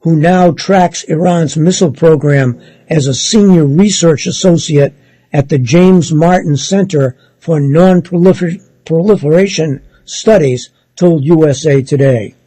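A man reading a news article aloud in a measured, steady way, sometimes stopping to correct himself. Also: on the high side, no echo, rough recording. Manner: measured, steady read with occasional self-corrections.

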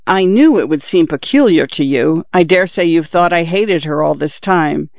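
A man's voice: fairly high pitch, expressive, normal speed, vocal fry, no echo. A man voicing a flustered, earnest young man who has just become engaged, speaking in an embarrassed rush. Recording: dull dry recording.

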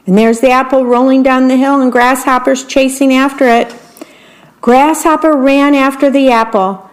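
A woman volunteer reading a bedtime story aloud on the radio, gentle and describing the pictures for listeners. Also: high-pitched, fairly even intonation, moderate pace.

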